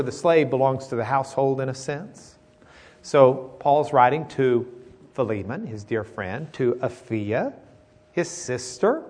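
A middle-aged man with a Southern American accent, teaching a Bible class in a folksy, joking way and reading verses slowly. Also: mid-range voice. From Southern United States.

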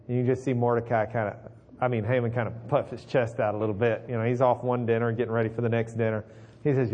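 A male preacher retelling a story in a conversational, animated, folksy sermon. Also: mid-range voice, fast talker.

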